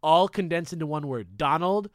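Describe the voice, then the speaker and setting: A young man hosting a podcast, telling a story in a casual, animated way with jokey asides and swearing. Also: fairly high pitch, moderate pace, no echo, clean studio sound. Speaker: podcast host.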